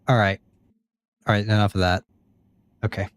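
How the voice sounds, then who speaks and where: A man's voice: on the low side, animated, quick pace, long pauses. A young man giving casual gameplay commentary, joking, self-deprecating and swearing freely. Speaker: gaming YouTuber.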